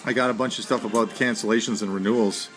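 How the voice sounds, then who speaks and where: A man's voice: lowish voice, steady tone, quick pace, a bit bright, soft background music. A man co-hosting a casual podcast, running through a list of TV news with joking asides. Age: adult with a son. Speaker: podcast co-host. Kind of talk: casual chat.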